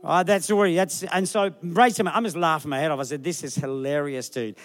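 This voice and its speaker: A man's voice: a little high, a little fast. A middle-aged man preaching a sermon as a pastor, telling jokey stories and putting on voices for the people he quotes. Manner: jokey, animated storytelling with put-on quoted voices.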